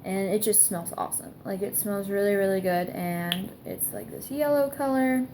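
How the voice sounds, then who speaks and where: A young woman talks her way through a casual product review, rambling, restarting and leaning on "like" constantly. Her pitch sits in an ordinary middle range. A faint hiss of background noise sits under the home recording. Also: normal speed. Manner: chatty, heavy use of "like", rambling. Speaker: vlogger.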